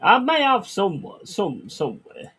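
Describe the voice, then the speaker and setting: A man's voice: high voice, huge pitch swings, unhurried, fairly bright tone, breathy edge. A man chatting on a livestream, reading chat aloud and ranting crudely with lots of swearing.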